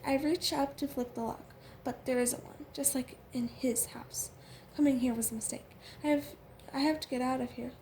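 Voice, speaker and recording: A woman reading a first-person novel aloud, halting often with fillers and restarts. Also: sits high, fairly even intonation, darkish tone, slight background noise. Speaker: audiobook reader.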